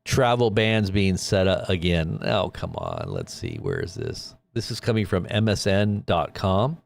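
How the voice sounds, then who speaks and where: A man hosts a casual news livestream, reading headlines aloud and musing between them. His voice sits low and he takes his time. He rambles a little as he thinks out loud. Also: big pitch swings, measured pace, vocal fry.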